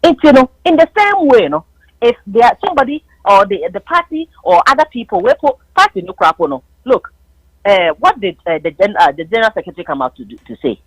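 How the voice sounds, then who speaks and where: A woman's voice: a little high, big pitch swings, fairly quick, no room sound, low-quality recording. A Ghanaian woman calling into a political talk show, speaking emphatically and switching between English and Twi. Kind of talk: heated political call-in debate.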